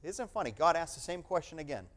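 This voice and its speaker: A middle-aged man preaching a sermon, reading scripture aloud and explaining it, sometimes proclaiming loudly and sometimes dropping to a hush. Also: fairly high pitch, big pitch swings, fast talker.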